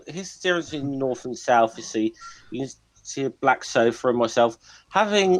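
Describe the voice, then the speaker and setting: A man's voice: mid-range voice, lively intonation, brisk, low-quality recording. A man on a casual chat panel, teasing and joking, stopping and repeating words as he talks.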